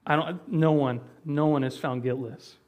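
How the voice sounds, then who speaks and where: Man, pastor type, slightly high voice, chatty explanatory Bible teaching, lots of um and restarts. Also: steady tone, normal speed, darkish tone. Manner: conversational, explaining with frequent fillers and restarts.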